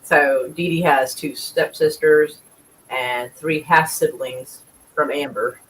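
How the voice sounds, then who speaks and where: A man's voice: fairly high pitch, fairly even intonation, slow, fairly bright tone, poor audio. A man chatting casually and at length, rambling and swearing freely. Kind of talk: casual chat.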